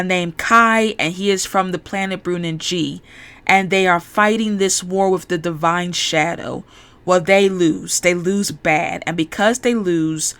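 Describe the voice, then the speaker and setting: A woman's voice: fairly low pitch, fairly bright tone, clean tone. A woman chatting casually, retelling a show's plot in a rambling, enthusiastic way with many restarts. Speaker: YouTuber. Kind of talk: casual chat, show recap.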